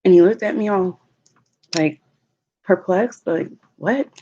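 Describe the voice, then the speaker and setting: A woman, a mother, telling stories in a relaxed, chatty way while eating on a livestream vlog. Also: on the low side, dull audio. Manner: slow, chatty storytelling with laughs. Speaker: mukbang vlogger. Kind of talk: casual chat while eating. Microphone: livestream mic.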